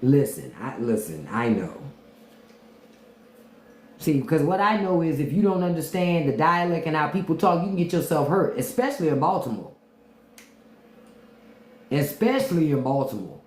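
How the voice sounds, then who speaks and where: A Washington, D.C. podcast host with a low voice and a D.C. accent talks candidly on a livestream, answering viewers in a casual chat. Her darkish, sing-song delivery moves at normal speed, rising and falling in pitch, with long pauses, frequent laughter, and imitations of how people talk in other cities. The room around her is echoey.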